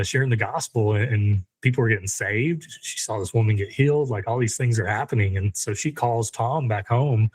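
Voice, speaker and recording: A man, a guest on a podcast who leads a men's ministry group, telling personal stories conversationally in an animated, chatty way. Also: fairly low pitch, breathy edge, no echo, low-quality recording. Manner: animated, chatty with frequent fillers and laughs. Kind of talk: conversational storytelling.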